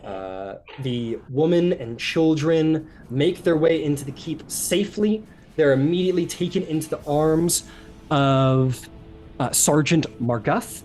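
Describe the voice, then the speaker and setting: A man's voice: a little high, measured pace, a little mellow, faint music behind. A man running a tabletop game as game master, narrating casually with many fillers and restarts.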